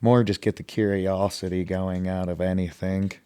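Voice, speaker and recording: A man's voice: sits low, little pitch movement, normal speed, dark tone, clear, resonant tone, dry recording. A man co-hosting a podcast, chatting in a laid-back, self-deprecating way and asking his co-host questions. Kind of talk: casual chat.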